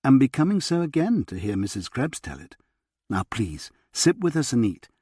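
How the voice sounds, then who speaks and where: A man voicing a brisk, caring young woman who keeps a household in order. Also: mid-range voice, big pitch swings, mellow, breathy edge, no echo, clean studio sound. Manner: brisk, motherly.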